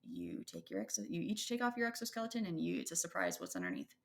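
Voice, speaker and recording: A woman's voice: on the low side, huge pitch swings, fast talker, creaky. A woman in her thirties co-hosting a podcast, talking in a thoughtful, rambling way with many fillers and restarts. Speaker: podcast co-host. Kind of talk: casual conversational chat.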